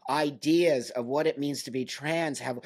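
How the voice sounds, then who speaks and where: A man's voice: medium pitch, fairly even intonation, measured pace, darkish tone, slightly rough. A man hosting a podcast interview, speaking earnestly and emphatically, often stumbling and repeating words. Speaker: podcast host. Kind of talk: casual interview conversation.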